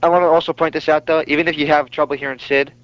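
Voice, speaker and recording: A man's voice: on the high side, little pitch movement, rapid-fire, fairly bright tone, smooth, no room sound. A man with a New York accent, co-hosting a casual wrestling podcast and joking with his partner. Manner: joking, teasing. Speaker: podcast co-host. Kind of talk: casual chat. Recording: dry, muffled lo-fi audio.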